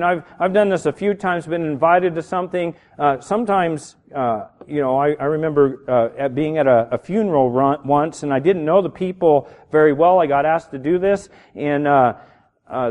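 A middle-aged man pastor preaching a sermon, animated and building to shouts on key words. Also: on the high side. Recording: reverberant hall.

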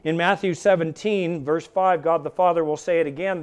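A male pastor delivers a sermon with a high, smooth, resonant voice. He preaches with emphatic, dramatic swells, leaning hard on key phrases. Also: fairly even intonation, normal speed, hardly any pauses.

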